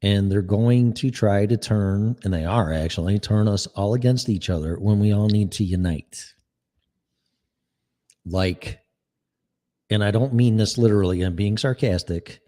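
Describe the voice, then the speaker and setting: Man, low mellow voice, sarcastic profane political rant. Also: unhurried. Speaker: political commentator. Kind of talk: ranting monologue.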